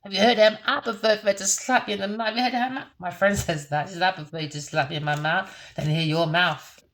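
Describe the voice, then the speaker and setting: A woman's voice: fairly even intonation, fast talker. Brash, mocking woman reading tarot. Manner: brash, profane, laughs often, mocking; swings between low muttering and loud high bursts. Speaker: tarot reader.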